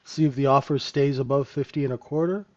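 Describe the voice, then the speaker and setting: A man's voice: mid-range voice, steady tone, brisk. Man teaching live trading, muffled audio. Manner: conversational, keeps asking "right?". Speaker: trading room host and trainer.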